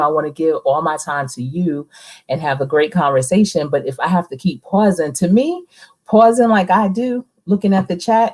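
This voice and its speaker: Woman, low voice, chatty live stream host, reads out viewer comments. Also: darkish tone. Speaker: livestream host, coach. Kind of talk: casual live stream chat.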